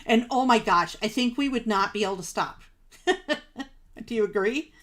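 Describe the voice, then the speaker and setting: A woman's voice: a little high, normal speed, fairly bright tone. A woman hosting a live crafting stream, chatting casually with viewers, gushing over supplies and laughing at herself. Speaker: craft livestream host.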